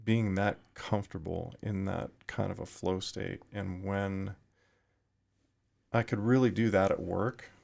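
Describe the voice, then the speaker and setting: A middle-aged man, a retired firefighter, talking thoughtfully in a podcast interview, pausing and restarting often. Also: low voice, fairly even intonation, gravelly, darkish tone. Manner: thoughtful, halting with frequent restarts.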